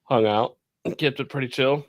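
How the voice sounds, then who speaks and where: A man's voice: medium pitch, moderate pace, no room sound. A man co-hosting a casual livestream chat, laid-back and dropping dry one-liners.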